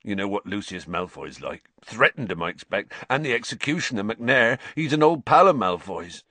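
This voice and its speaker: Man doing a grieving gentle giant, halting, subdued, lively pitch swings, storybook audiobook. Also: no room sound, exaggerated voice. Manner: halting and subdued, stumbling over words. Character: huge gentle male groundskeeper, grieving and shaken.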